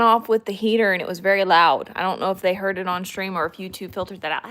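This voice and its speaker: A woman's voice: medium pitch, fairly even intonation, fast, few pauses, fairly bright tone. A woman hosting a casual livestream at home, chatting to viewers and talking fondly to her dogs. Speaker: livestream host.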